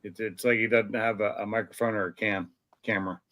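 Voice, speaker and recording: Dude hosting a live chat stream, welcoming folks in, easygoing. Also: male voice, lowish voice, fairly even intonation, a little fast, bright, forceful tone, poor audio. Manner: friendly, welcoming callers.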